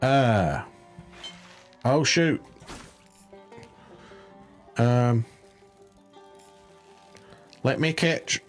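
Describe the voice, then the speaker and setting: A man's voice: mid-range voice, expressive, extremely slow, long pauses, soft background music. A man giving casual gameplay commentary as a game guide host, laid-back and rambling, with frequent fillers.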